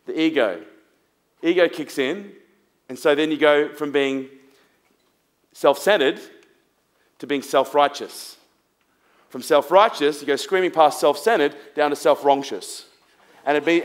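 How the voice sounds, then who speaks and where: A man giving an emphatic seminar talk to a live audience, firing rhetorical questions and swearing bluntly. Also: on the high side. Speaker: motivational speaker.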